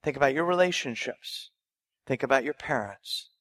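A man's voice: medium pitch, lively intonation, moderate pace, fairly bright tone. A male pastor preaching a sermon, emphatic, with rhetorical questions and repeated phrases.

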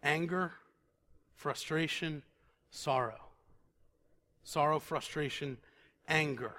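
A man preaching a conversational sermon who repeats words for emphasis and sinks to a quiet, intense tone on solemn points. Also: a little high, slow pace.

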